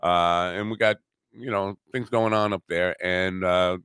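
A middle-aged man hosting a talk radio show, chatting casually and rambling, halting often with fillers and self-deprecating asides. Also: deep voice, steady tone, a bit bright, clean tone, dry recording, studio quality.

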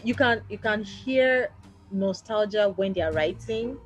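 Podcast host: young Nigerian woman, animated and laughing, dull lo-fi sound, faint music behind. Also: mid-range voice, unhurried. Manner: animated, laughing, trailing off mid-sentence. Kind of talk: casual chat about books.

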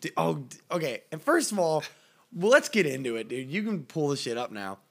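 A man with a slightly raised pitch talking in a loose, profane podcast chat. He tells stories in an animated way and keeps slipping into mocking quoted voices. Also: a little fast, vocal fry. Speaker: podcast co-host. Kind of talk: casual chat.

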